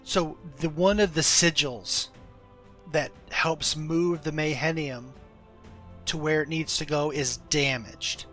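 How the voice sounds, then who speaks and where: A man running a tabletop game as game master, narrating in a relaxed, loose way with many fillers. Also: on the high side, slow, faint music behind.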